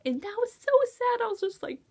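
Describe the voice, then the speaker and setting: A high-pitched woman chatting about a book with a gushing, excitable energy. Her voice swings widely up and down as she acts out her own reactions. It sounds like a relaxed, casual review. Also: brisk. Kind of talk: casual chat.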